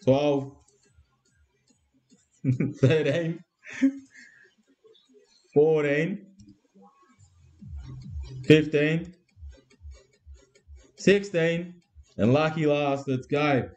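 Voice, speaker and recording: Swearing Australian man, mellow voice. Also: on the high side, fairly even intonation, drawn-out words, pauses often, soft background music. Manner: crude, heavy swearing, laddish teasing. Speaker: card break host. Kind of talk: live-streamed card break banter.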